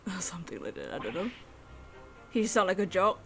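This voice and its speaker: A woman's voice: medium pitch, very animated, normal speed, long pauses, faint music behind. A woman streaming a game live, chatting playfully and giggling as she reacts to the story. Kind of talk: live game playthrough commentary.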